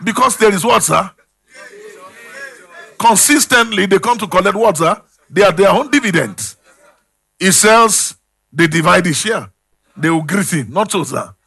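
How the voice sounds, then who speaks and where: A man preaching a sermon, calling out questions to the congregation and swinging between loud and hushed. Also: sits high, lively intonation, unhurried, vocal fry, pauses often, husky. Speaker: pastor.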